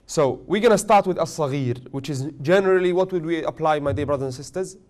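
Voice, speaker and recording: Guy teaching a recitation class, kinda high voice, keeps asking students questions. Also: quick pace. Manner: questions the class often, with gentle joking. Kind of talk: classroom tajweed lesson.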